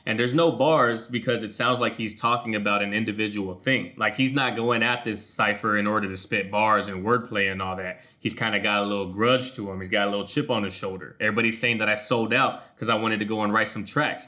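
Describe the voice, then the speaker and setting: A man hosting a reaction video, excitedly unpacking wordplay line by line in casual commentary. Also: fairly low pitch, a little fast, hardly any pauses.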